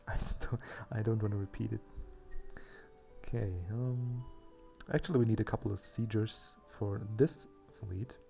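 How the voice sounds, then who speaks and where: A man's voice: fairly low pitch, fairly even intonation, a little slow, vocal fry, dark tone, faint music behind. A man hosting a let's play, chatting casually and thinking aloud as he plays, with a self-mocking manner. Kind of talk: casual gameplay commentary.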